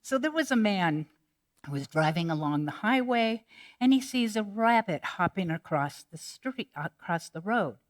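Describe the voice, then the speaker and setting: A woman pastor giving a sermon, measured and reflective, turning playful when she tells jokes. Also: medium pitch, animated.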